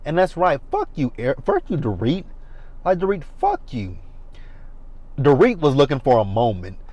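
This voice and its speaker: Brief: man in his thirties, TV recap reviewer talking from his car, blunt and emphatic with plenty of swearing, mid-pitched voice. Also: huge pitch swings, moderate pace, a little mellow, low-quality recording. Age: 30s. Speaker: reality TV reviewer. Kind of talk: casual TV recap commentary. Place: parked car.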